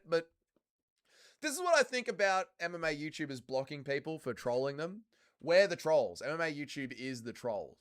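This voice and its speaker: Excitable, swearing male livestream host. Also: fairly high pitch. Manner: excitable, profane, yells at the fighters. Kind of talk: live fight watch-along commentary.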